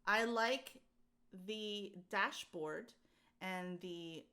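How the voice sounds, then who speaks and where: A woman's voice: mid-range voice, extremely slow, clean tone. A young adult woman co-hosting a podcast, telling a story in casual chat, acting out the people she quotes and laughing often. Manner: animated, acts out quoted voices, laughs often. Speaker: podcast co-host.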